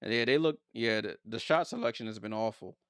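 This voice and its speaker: A man's voice: medium pitch, a little fast, a bit bright, no echo, studio quality. A man streaming a casual live watchalong, calling plays and answering viewer comments with blunt, teasing remarks. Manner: reads viewer comments aloud and answers them.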